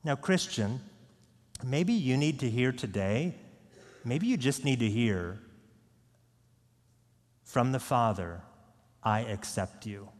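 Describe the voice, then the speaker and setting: A man preaching a sermon as pastor, earnest, moving between hushed and raised delivery. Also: medium pitch, expressive, takes it slowly, pauses often. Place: church sanctuary. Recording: long echo of a large church hall.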